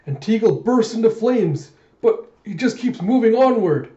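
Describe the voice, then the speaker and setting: A man voicing an excited male sports arena announcer, calling the action in a raised, emphatic voice. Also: high voice, normal speed, reverberant, dull audio, voice pushed up.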